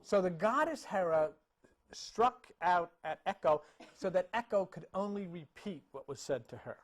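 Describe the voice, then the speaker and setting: A man's voice: high voice, expressive, normal speed. A man retelling a myth in a loose, chatty way while pointing to paintings, with frequent restarts and small laughs. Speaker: speaker telling a myth about paintings. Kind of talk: casual storytelling talk.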